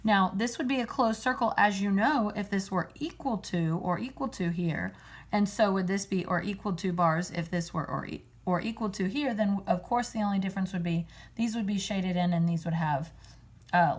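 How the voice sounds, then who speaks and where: A woman walks through a math lesson in a patient, explanatory way. She poses questions to her students and answers them herself. Her voice sits at an ordinary middle pitch for a woman. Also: normal speed. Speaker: math teacher. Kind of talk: recorded classroom lesson.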